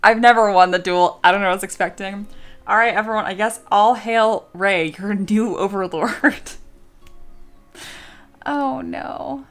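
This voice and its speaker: A woman's voice: mid-range voice, unhurried, long pauses, fairly bright tone, faint music behind. A young woman streamer chatting casually with her viewers, swearing and playing up dramatic mock outrage. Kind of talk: casual live-stream chat.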